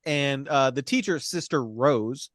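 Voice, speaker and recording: A man's voice: medium pitch, measured pace, no echo, studio quality. A man casually retelling a movie's plot on a podcast, acting out characters' lines with profanity and frequent laughs. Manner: animated, profane, laughs often. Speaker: podcast co-host recapping a film.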